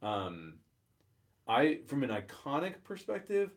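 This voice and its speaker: A man's voice: medium pitch, very animated, slow. A man co-hosting a podcast who talks through his opinions hesitantly, with many ums. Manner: hesitant, thinks aloud with ums. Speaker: podcast co-host. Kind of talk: casual chat.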